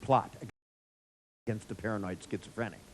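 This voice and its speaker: A man's voice: on the low side, moderate pace, a little hiss or hum, poor audio. A man telling a story to an audience, acting out the dialogue with wry chuckles. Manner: animated, acts out dialogue in quotes. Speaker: speaker.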